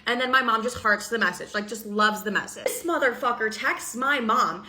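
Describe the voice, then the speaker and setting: A woman's voice: fairly high pitch, sharp tone. A young woman telling a casual storytime to her phone camera, blunt and profane as she goes. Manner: profane, blunt, fast-talking.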